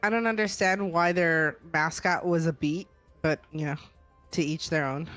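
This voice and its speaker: A young adult woman chatting casually during a co-op game stream, telling stories in animated bursts. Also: low-pitched, moderate pace, soft background music. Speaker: co-op stream player. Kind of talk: casual chat while gaming.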